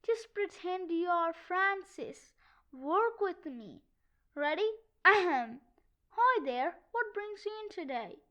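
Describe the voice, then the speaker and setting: A brash, boastful sixth-grade boy brags his way through a children's storybook, as a woman reads him aloud. The voice sits very high and moves at a slow, deliberate pace. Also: highs cut off, heavily acted. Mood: cocky. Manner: cocky, excitable. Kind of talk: children's book read-aloud.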